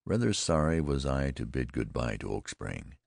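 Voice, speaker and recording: A male audiobook narrator with an exceptionally deep, gravelly voice tells a first-person tale in a measured, deliberate way. The close microphone gives a dry, intimate sound with no room around it. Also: lively intonation, a little mellow, no room sound.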